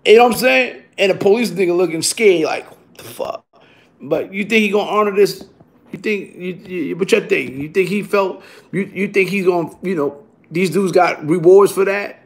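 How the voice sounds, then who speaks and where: A man's voice: sits high, normal speed, creaky. A man from Brooklyn, talking in a rambling, profane street monologue full of repeated tag questions. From Brooklyn, New York. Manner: streetwise, profane, repeats "you heard?" tags. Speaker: vlogger.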